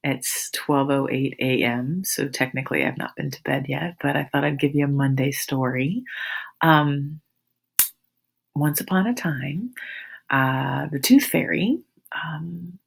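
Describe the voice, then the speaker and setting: A woman's voice: very deep voice, measured pace, vocal fry, breathy edge. A woman in her forties, a teacher, telling her students a rambling, amused story in a casual, chatty way.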